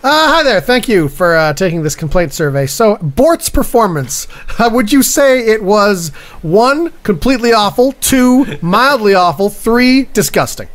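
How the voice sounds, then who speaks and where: An improv performer playing a rambling, halting male complaints-survey clerk with a sinister streak. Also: high-pitched, big pitch swings. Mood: chipper. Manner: rambling, halting, full of fillers. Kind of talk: improv comedy.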